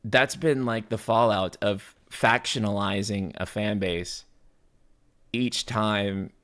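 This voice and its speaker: A man's voice: on the low side, fairly even intonation, takes it slowly, fairly bright tone. A man live streaming, chatting casually with his viewers, rambling and often restarting his sentences. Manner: casual, swears, talks to chat.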